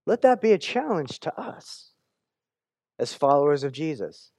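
Male pastor, conversational sermon, a bit high-voiced, dry close sound, restarts often, lively when quoting. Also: measured pace, dry recording. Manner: conversational, repeats words when restarting, quotes scripture with animated voices.

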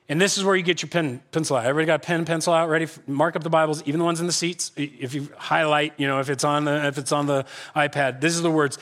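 A male pastor preaching a lively sermon to a church congregation, acting out quotes with animated shifts in voice. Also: a little high, normal speed. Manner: animated, acts out God's voice and quotes.

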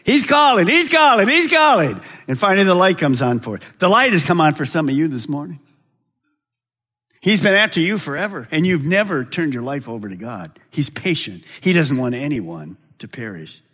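A man gives a sermon as the pastor of a big church, his dramatic delivery moving between loud, high cries and soft, low dips. He sounds expressive and keeps a brisk pace.

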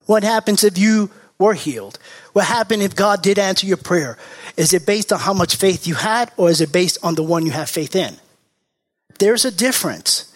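A male pastor delivers a sermon in a fairly high voice. He drives his points home by repeating key words and phrases, and he now and then mocks other preachers. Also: expressive, moderate pace. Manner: mocking impressions of TV preachers.

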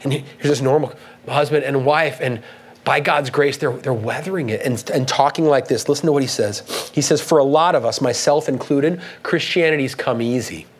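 A man preaching a sermon, earnest and halting, with many restarts, reading quoted passages with rising emphasis. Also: mid-range voice, poor audio. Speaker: pastor.

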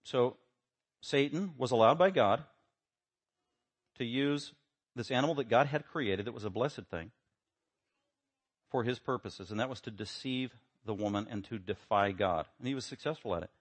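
A man preaching a sermon, emphatic, building to loud rhetorical questions. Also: medium pitch, normal speed, long pauses. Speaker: pastor.

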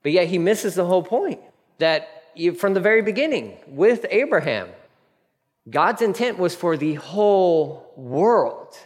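Male pastor, earnest conversational sermon, lively rising and falling delivery, reverb-heavy hall. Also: a little high. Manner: earnest, conversational preaching with soft apologetic asides.

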